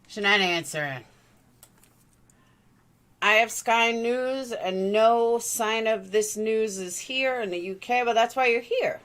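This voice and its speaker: A woman's voice: on the high side, takes it slowly, a bit bright. A woman hosting a livestream, chatting loosely as she reacts to a live news feed. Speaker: livestream host. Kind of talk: casual live commentary.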